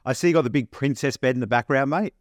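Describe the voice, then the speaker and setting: A man's voice: medium pitch, fast talker, no room sound, clean studio sound. A man co-hosting a podcast, teasing his co-host playfully and saying "mate" a lot. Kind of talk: casual podcast chat.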